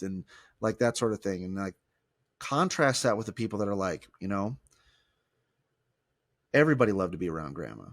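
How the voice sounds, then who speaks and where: Animated low-voiced former pastor. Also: male voice, brisk, pauses often, no echo, clean studio sound. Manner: animated, restarts often, mimics people in quotes. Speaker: podcast co-host, former pastor. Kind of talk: casual conversational podcast.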